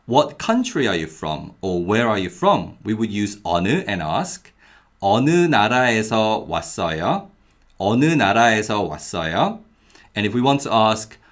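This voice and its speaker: Man teaching a lively language lesson. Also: medium pitch. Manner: clear, deliberate, repeats example phrases slowly.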